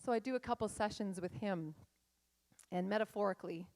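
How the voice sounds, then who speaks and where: A woman's voice: medium pitch, fairly quick, darkish tone. A middle-aged woman, a life coach, giving a candid and dramatic personal storytelling talk on stage.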